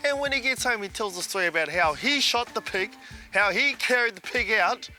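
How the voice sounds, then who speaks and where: Kiwi guy telling a hunting yarn, high voice, loose slangy chat, faint music behind. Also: brisk. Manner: lively yarn-spinning, colloquial. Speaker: storyteller. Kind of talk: casual anecdote.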